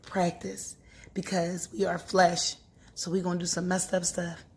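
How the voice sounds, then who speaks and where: A woman's voice: on the low side, flat delivery, a little slow, a little mellow, breathy edge. A young woman vlogging to camera, talking earnestly and encouragingly about faith and grief, with frequent laughs. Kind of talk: casual heartfelt talk to camera.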